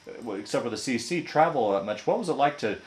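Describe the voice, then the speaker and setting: A man's voice: medium pitch, lively intonation, quick pace, reverberant. A man interviewing a veteran, prompting him with long, winding questions. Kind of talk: oral-history interview.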